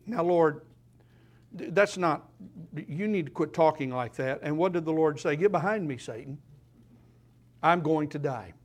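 A man preaching a sermon in church, slow and emphatic, repeating key phrases for weight. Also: high voice, darkish tone.

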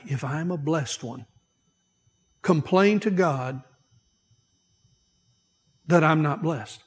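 A man with a fairly high voice preaches an emphatic sermon as pastor. He repeats key phrases and stretches out words to drive them home. His voice rings with the long reverb of a church hall. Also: takes it slowly, pauses often.

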